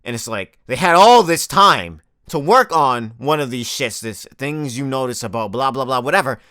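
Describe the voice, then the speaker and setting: A man's voice: medium pitch, lively intonation, normal speed, bright, forceful tone, smooth, dry recording, studio quality. A young man delivering a profane comedic rant as the host of a comedy video, swearing constantly and exaggerating for laughs.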